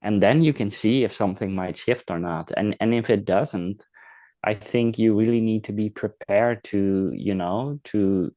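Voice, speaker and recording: Podcast host, male, low and measured, reflective advice, dry sound. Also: no room sound. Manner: calm, reflective, acts out example dialogue. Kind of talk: casual advice talk.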